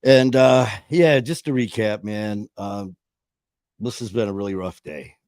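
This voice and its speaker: A man in his fifties chats through rambling stories, acting out the voices he quotes and often beginning his sentences again. His voice is lowish, darkish in tone and a little slow, with no room sound.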